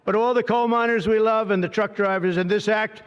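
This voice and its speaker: A man's voice: high voice, steady tone, brisk, clear, resonant tone, muffled recording. Older man rambling, boastful, echoing hall. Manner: boastful, digressive, heavy superlatives. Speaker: president giving a speech. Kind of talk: rambling off-the-cuff political speech. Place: large hall at a signing event. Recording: reverberant hall.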